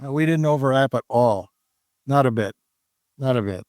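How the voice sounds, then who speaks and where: A man's voice: mid-range voice, moderate pace, a little mellow, no room sound, studio quality. Rambling older man telling a story. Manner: rambling, with many restarts and fillers. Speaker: guest trader. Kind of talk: casual storytelling.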